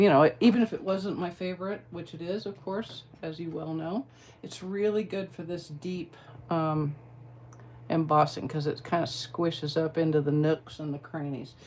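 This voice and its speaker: Woman, low-pitched, chatty, folksy, craft demo. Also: darkish tone, slight background noise. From American South. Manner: chatty, folksy, talks to viewers while working. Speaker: card-making demonstrator. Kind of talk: casual craft tutorial with chatter.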